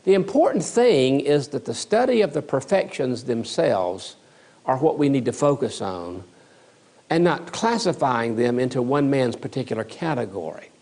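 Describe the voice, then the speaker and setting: A man's voice: mid-range voice, expressive, normal speed, darkish tone. A man giving a recorded theology lecture as a seminary teacher, emphatic and repeating key words for stress.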